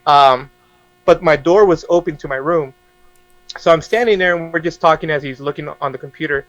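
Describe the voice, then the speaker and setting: A young man telling a story casually as a podcast guest, animated and laughing often as he acts out quoted dialogue. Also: on the high side, fairly quick, dry recording.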